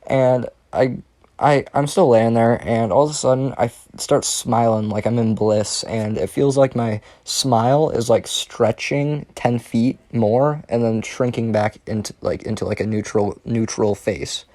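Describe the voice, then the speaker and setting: A man's voice: mid-range voice, steady tone, a little slow, a little mellow, no room sound. A young man telling a casual storytime monologue, rambling and profane, with frequent restarts. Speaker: storyteller vlogger.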